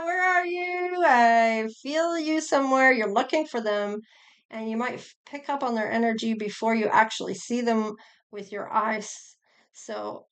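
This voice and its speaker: Middle-aged lady doing a tarot reading, kinda high voice, slow and chatty, rambles a lot. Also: a bit bright. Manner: chatty, rambling, with frequent sighs and laughs. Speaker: tarot reader. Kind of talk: casual tarot reading monologue.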